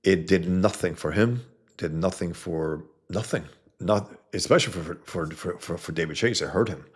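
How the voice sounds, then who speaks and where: At a moderate pace and with a breathy edge to his deep voice, a man reads his chat on a casual livestream. He's blunt and profane, wandering from point to point and restarting often, using a computer mic with no headset.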